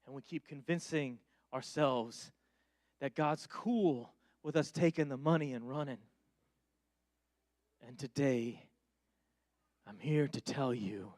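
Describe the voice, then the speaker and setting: A male pastor preaching a sermon, moving between loud, urgent calls and quiet, low-voiced pleading, with casual asides to the congregation. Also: slow pace, long pauses, dry recording, studio quality.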